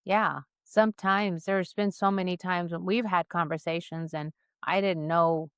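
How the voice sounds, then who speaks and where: A middle-aged woman co-hosting a podcast, speaking in a slow, measured, reflective way and leading a spoken closing prayer. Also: lowish voice, steady tone, smooth, dry recording, clean studio sound. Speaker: podcast co-host.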